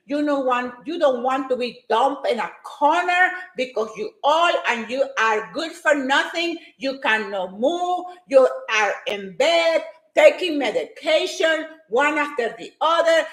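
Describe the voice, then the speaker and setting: A woman's voice: high voice, a bit bright, echoey room. A woman giving a hyper, emphatic motivational talk to her live-stream viewers, repeating her points with force.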